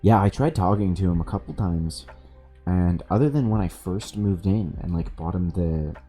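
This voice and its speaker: A male streamer with a low, dark voice tells a story while playing a game. He talks casually, swears freely, and stays sardonic and amused throughout. Quiet game music plays underneath. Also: moderate pace, breathy edge.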